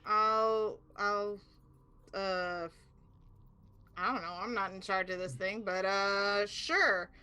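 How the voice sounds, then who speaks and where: Bright-voiced woman tabletop player. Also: medium pitch, fairly even intonation, slow, pauses often, smooth. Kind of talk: tabletop game play.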